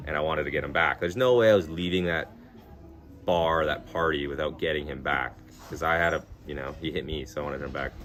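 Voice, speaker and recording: Deep-voiced man rambling casually. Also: a bit bright. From Canada. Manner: rambling and laid-back, swears freely, laughs through stories. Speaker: livestreamer. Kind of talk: casual chat with stream viewers.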